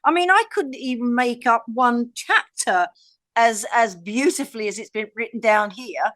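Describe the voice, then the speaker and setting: A woman with a high, light voice co-hosting a relaxed Bible discussion. She thinks aloud and wonders about the text, with dry sarcastic asides, recorded close and dry. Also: normal speed, dry recording. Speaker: podcast co-host.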